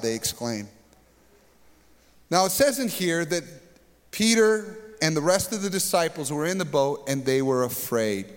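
A man preaching from a church stage, his voice set a little high for a man. He tells the story with drama and builds to emphatic peaks. The sound carries a long hall reverb. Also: moderate pace. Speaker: pastor. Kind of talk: sermon.

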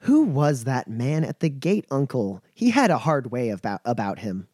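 A man's voice: medium pitch, very animated, moderate pace, darkish tone, breathy edge, dry recording, studio quality. A man voicing a poised young noblewoman who speaks courteously but firmly in a tabletop game. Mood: polite. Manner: courteous, formal speech.

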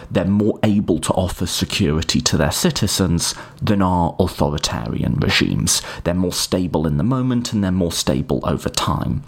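A man's voice: low-pitched, gravelly, husky. A man giving a casual, informal lecture on political ideas and answering listener questions, hedging often and swearing now and then. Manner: occasionally swears.

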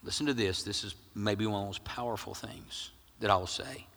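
A middle-aged male pastor preaching with jokes, swinging between loud emphasis and hushed near-whispers. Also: lowish voice, brisk, vocal fry, in a large hall. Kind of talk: sermon.

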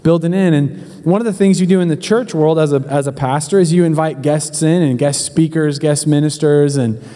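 A man's voice: fairly high pitch, moderate pace, warm tone, long reverb tail. A man preaching as a pastor, telling a humorous story in a chatty, joking way and speaking straight to his congregation. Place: church hall.

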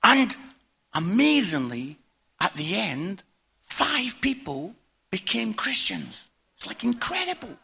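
A middle-aged man tells comic stories in a sermon, voice pitched high for a man and very bright and cutting. There is a husky rasp under it, and he keeps throwing in punchy asides to the crowd. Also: very animated, slow. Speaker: evangelist preacher. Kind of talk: humorous storytelling sermon.

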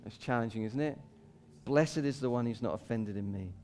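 A man preaching a sermon as pastor, talking casually with laughs between points, rising for quoted cries and dropping low and quiet for scripture. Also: normal speed.

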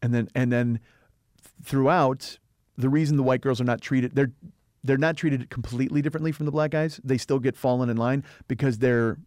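A man co-hosting a podcast, retelling film scenes in a fast, animated, profane way in casual discussion. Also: mid-range voice, no room sound, studio quality. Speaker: podcast co-host.

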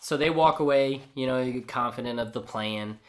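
A man co-hosting a podcast in casual chat, retelling a comic book's scenes with animated asides and acted-out lines. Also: mid-range voice, moderate pace. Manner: animated storyteller who acts out characters' lines. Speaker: podcast co-host.

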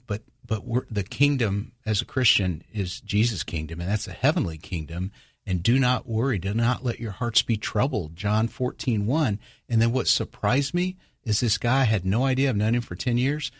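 A man in a relaxed faith conversation, telling stories with frequent restarts and quoting others in lifted voices. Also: fairly low pitch, breathy edge, no echo, studio quality. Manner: storytelling, many restarts, acts out quoted voices.

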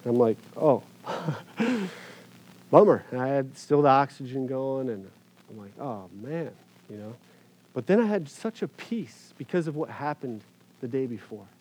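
A male pastor speaks to an audience about his faith in an earnest, unpolished way. His pitch sits in an ordinary middle range, and he often stumbles, repeats words and pauses on fillers as he gathers his thoughts. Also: animated, a little mellow, low-quality recording. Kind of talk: personal faith testimony to an audience.

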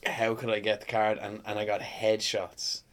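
A man chatting casually on a podcast, relaxed and hesitant with many fillers. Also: fairly low pitch, normal speed. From Ireland. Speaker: podcast co-host. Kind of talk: casual chat.

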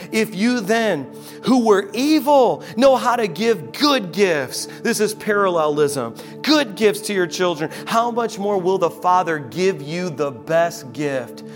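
A man preaching a sermon as pastor, impassioned and emphatic, dropping soft and slow for the closing prayer. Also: high voice. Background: music.

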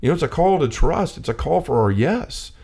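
A man co-hosting a casual faith talk, speaking with animated energy and often acting out quotes. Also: a little high, fairly quick, vocal fry, slightly rough. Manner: animated, acts out quotes, many restarts. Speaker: co-host.

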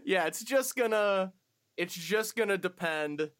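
A man's voice: high voice, measured pace, fairly bright tone. A man co-hosting a podcast in casual chat, chatty and laughing as he talks. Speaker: podcast co-host.

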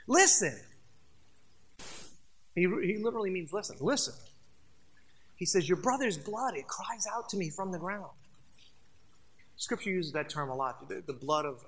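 A bright, forward-sounding pastor in the middle of a sermon. The delivery is emphatic yet conversational, piling up repeated phrases and turning to speak directly to the congregation. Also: medium pitch.

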